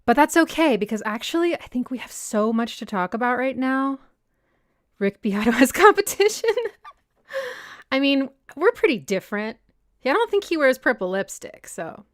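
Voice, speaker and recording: Young woman, livestream host, chatty and smooth, close dry mic. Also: high-pitched, big pitch swings, normal speed, dry recording. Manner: chatty, reads out viewer comments and answers them. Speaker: music analysis channel host. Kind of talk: casual livestream Q&A chat. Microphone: personal desk mic.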